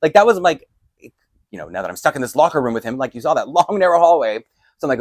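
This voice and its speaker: A man telling a storytime vlog, acting out both sides of a heated argument and getting loud. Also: a little high, big pitch swings, fast, no room sound, clean studio sound. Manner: lots of fillers and restarts, laughs between lines. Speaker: doll collector vlogger. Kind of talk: storytime vlog, animated retelling. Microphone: desk microphone.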